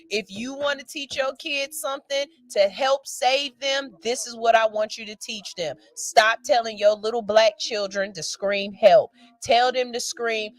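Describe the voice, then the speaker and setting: Woman, radio co-host, frank and emphatic, a bit high-pitched, swears freely. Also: fairly bright tone, dry recording. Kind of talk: casual radio talk.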